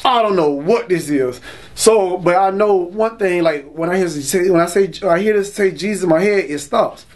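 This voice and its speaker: A man's voice: high voice, normal speed, darkish tone. A young man talks in a slightly raised register. He tells a personal testimony in loose streetwise slang, leaning on "you know" and "y'all". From Florida, US. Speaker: man giving a religious testimony. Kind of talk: casual spoken testimony.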